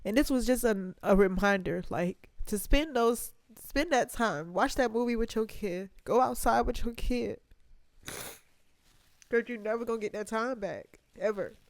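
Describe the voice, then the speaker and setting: A woman's voice: on the high side, unhurried, no echo, clean studio sound. A young adult woman hosting a reaction video, chatting casually and with heart, talking straight to her viewers. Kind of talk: casual emotional reaction chat.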